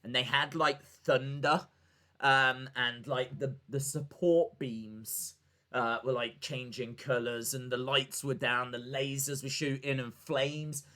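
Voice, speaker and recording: A man with a bright, forceful voice chats loosely on a live stream, full of fillers and restarts. He jokes with his viewers and talks back to his voice assistant. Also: mid-range voice, steady tone, slow pace. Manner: rambling and chatty, with many fillers and restarts. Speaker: live-stream host reacting to wrestling and reading chat. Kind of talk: casual live-stream chat.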